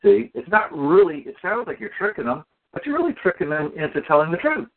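A man telling stories in a casual community call, animated and acting out the people in them. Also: high-pitched, brisk, creaky. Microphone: phone or call audio. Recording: tinny phone line.

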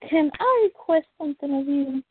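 A woman's voice: high voice, lively intonation, normal speed, no echo. A woman hosting a casual call-in show with playful, teasing banter. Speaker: radio show host. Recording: phone line.

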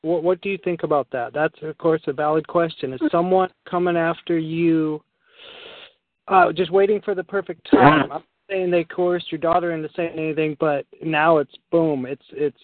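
A man hosting a casual talk show, putting low-key, probing questions to a caller. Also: fairly even intonation, moderate pace, dry recording. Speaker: host. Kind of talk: casual interview chat. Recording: tinny dry phone-like line.

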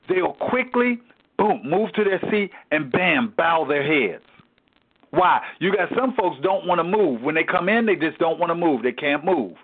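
A man teaching a Bible study in a preaching cadence, asking rhetorical questions and repeating key phrases for emphasis. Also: fairly high pitch. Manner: rhetorical questions, repeats "why?" and "guess what?". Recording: tinny phone-like recording.

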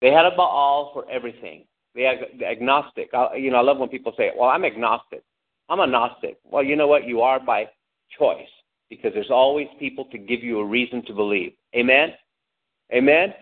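A man's voice: mid-range voice, a little fast. Guy preaching, fired up, keeps asking the crowd stuff, sounds tinny like over a phone. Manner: animated preaching, calls out to the congregation, acts out angry shouts. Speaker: pastor. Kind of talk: sermon.

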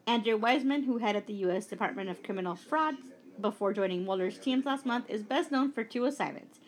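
A woman's voice: fairly high pitch, moderate pace. A woman co-hosting a casual political podcast, recapping news stories with blunt, profane asides. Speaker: podcast co-host. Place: Brooklyn.

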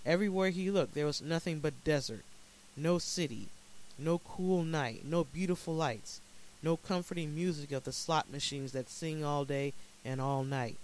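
A man narrating a dark short story in a dramatic, measured reading, with faint hiss in the recording. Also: a little high, low-quality recording.

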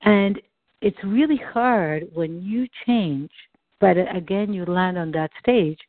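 On a tinny, dry call line, a woman's mid-range voice comes through in a dry recording. As a coach, she guides a client through tapping, encouraging him and supplying phrases for him to echo.

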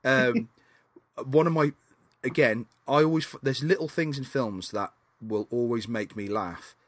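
A man co-hosting a casual film podcast, animated and swearing, acting out scenes in funny voices. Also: mid-range voice, measured pace, no room sound. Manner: animated, acts out scenes in silly voices, swears, laughs a lot. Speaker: podcast co-host.

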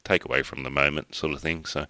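Very deep-voiced Australian man telling a story. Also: fairly even intonation, bright, forceful tone, no room sound. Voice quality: rambling, talks in halting restarts, swears casually. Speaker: podcast host. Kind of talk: casual chat, storytelling.

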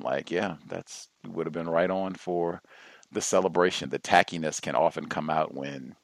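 Deep-voiced man hosting call-in radio. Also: no room sound. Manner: measured, trailing off with frequent "uh"s. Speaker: host.

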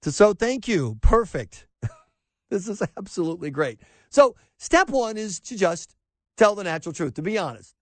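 Animated, sarcastic high-voiced male radio host. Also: normal speed, no echo. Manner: sarcastic, animated, mocks quotes in put-on voices. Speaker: radio talk show host. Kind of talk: opinionated talk radio monologue.

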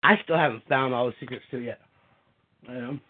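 A man hosting a show, swearing and laughing as he chats and reads his own dark poetry. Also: mid-range voice, a little fast. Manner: profane, laughing, rambling. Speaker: podcast host and poet. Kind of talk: casual chat and poetry reading. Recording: tinny phone-like sound.

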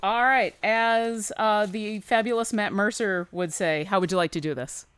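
A woman's voice: medium pitch, normal speed, fairly bright tone, clean tone, no echo. A woman narrating a tabletop game as game master, easygoing and loose with frequent fillers.

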